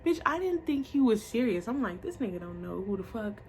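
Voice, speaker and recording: Young woman, gravelly voice, blunt profane storytime, faint background noise. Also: fairly high pitch, a little fast. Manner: blunt, profane, animated retelling with quoted voices. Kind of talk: casual storytime vlog.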